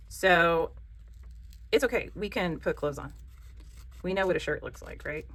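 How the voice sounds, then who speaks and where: A woman's voice: lowish voice, unhurried, long pauses, a bit bright. A woman with a Southern American accent hosts a casual craft tutorial, chatty, joking and encouraging. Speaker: craft channel host.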